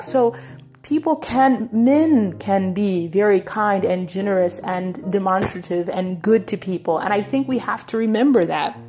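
A woman's voice: on the high side, darkish tone. A woman giving a conversational Bible teaching, often checking in with "right?" and "you know".

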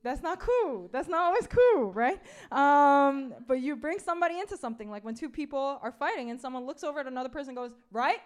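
A woman's voice: sits high, lively intonation, fast talker, few pauses. A woman giving a casual, conversational sermon, full of "like" and "right?", repeating key phrases for emphasis. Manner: chatty, peppered with "like" and "right?". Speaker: preacher.

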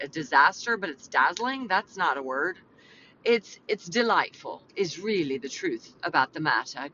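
A woman's voice: on the low side, pushed and bright, slight background noise. A woman hosting a faith podcast, chatting casually, playfully talking to herself and breaking into exclamatory preaching. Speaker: podcast host. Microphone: podcast mic. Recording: dull lo-fi audio with faint music.

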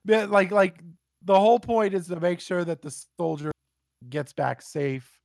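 A man telling profane, animated stories in a casual podcast chat. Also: high voice, measured pace, vocal fry, no room sound.

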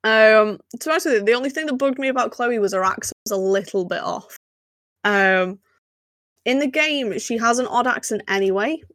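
A woman's voice: fairly high pitch, lively intonation, brisk, a bit bright, dry recording. A woman co-hosting a podcast in casual chat, talking freely and laughing often. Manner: chatty, laughing often, lots of fillers. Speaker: podcast co-host.

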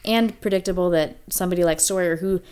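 Lower-pitched enthusiastic woman podcaster. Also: fast, slight background noise. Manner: enthusiastic, animated storytelling. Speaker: podcast co-host. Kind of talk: casual chat.

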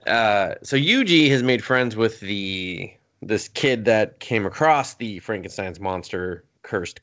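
A man's voice: on the low side, fairly bright tone. A young man on a podcast casually recapping an anime episode, rambling, laughing often and coughing now and then. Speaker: podcast co-host.

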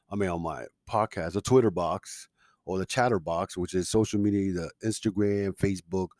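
A man's voice: on the low side, darkish tone, no echo. A man hosting a casual podcast, ranting in a heated, opinionated way with frequent fillers and restarts. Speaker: podcast host.

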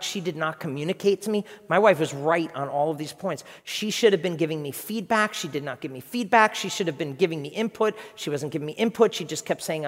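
A man in his fifties, a pastor preaching a sermon with animated, emphatic storytelling. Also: fairly high pitch, a little fast, hardly any pauses, in a large hall. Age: 50s.

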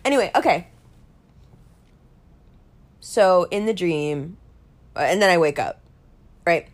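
A middle-aged woman telling a story in a casual chat, animated and swearing, saying "like" a lot. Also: fairly low pitch, takes it slowly, pauses often. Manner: animated, swearing, heavy use of "like".

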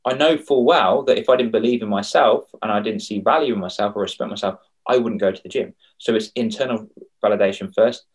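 A young man talks about confidence in a relaxed podcast conversation, telling stories animatedly and performing the voices of the people he quotes. His voice is lowish and runs a little fast.

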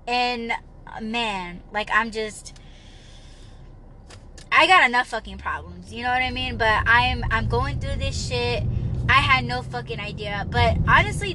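Slow-talking woman ranting over traffic noise. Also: a little high, lively intonation, pushed and bright. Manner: heated, swearing, laughing it off. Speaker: podcast host. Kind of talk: casual solo podcast rant.

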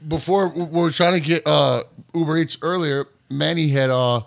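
A man's voice: fairly high pitch, normal speed, gravelly. Rambling, profane male podcast co-host. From Michigan, US. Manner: rambling, laughing, profane storytelling. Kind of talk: casual chat.

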